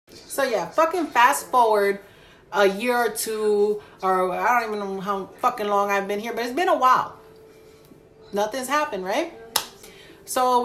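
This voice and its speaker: A woman in her thirties casually telling a spooky personal story with lots of profanity and animated asides. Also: fairly high pitch.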